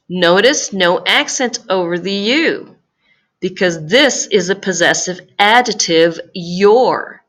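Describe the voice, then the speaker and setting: A woman gives a recorded grammar lesson. She speaks slowly and patiently, with a somewhat low voice. She repeats each key phrase so it sinks in. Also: a bit bright. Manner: slow, patient explaining with careful repetition. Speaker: Spanish teacher.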